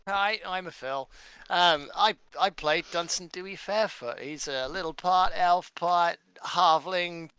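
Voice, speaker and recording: A man's voice: high-pitched, slow, pushed and bright, clear, resonant tone, no echo. A man playing in a tabletop game, describing his character in an easygoing, rambling way. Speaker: player. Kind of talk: casual chat at a game table.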